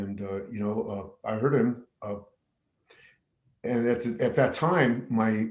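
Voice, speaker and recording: A middle school teacher from New Mexico tells a personal story to camera in a medium-pitched voice with a darkish tone. The room is echoey, and his telling is full of fillers and restarts.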